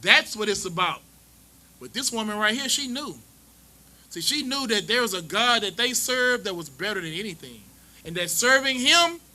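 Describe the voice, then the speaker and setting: A man's voice: high voice, pushed and bright, low-quality recording. A man teaching scripture to a class in a preachy, mocking, conversational way. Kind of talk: street-style scripture teaching.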